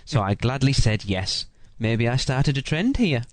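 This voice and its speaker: Male co-host, medium pitch, casual and joking, reading listener mail; dry close mic. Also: very animated, a little slow, no echo. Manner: joking, teasing. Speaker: podcast co-host. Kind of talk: casual chat, reading a listener's trip report.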